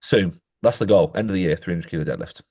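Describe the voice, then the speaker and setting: Chatty man, fairly low voice. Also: quick pace, breathy edge. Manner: animated storytelling, says "mate" constantly; acts out quoted voices with jumps in pitch. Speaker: podcast co-host. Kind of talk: casual chat.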